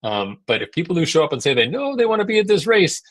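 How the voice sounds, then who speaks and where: A man's voice: on the high side, sing-song, fast talker, dry recording. A man, an endurance coach, giving a casual seminar talk with lots of fillers and restarts, sometimes acting out voices in quoted asides. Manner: conversational, many fillers and repeated words.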